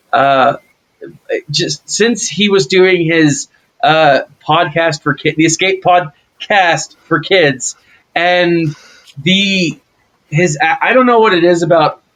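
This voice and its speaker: A man from Texas in casual chat as a podcast guest. He is easygoing and self-deprecating and hesitates with fillers, his voice sitting a little high. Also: fairly bright tone, low-quality recording. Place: home basement.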